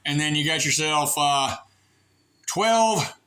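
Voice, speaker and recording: Man, rural American accent, sarcastic rambling rant, sharp tense voice. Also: a little high, animated, takes it slowly. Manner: sarcastic, ranting, digressive; folksy, coarse talk. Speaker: vlogger airing grievances. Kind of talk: rambling monologue to camera.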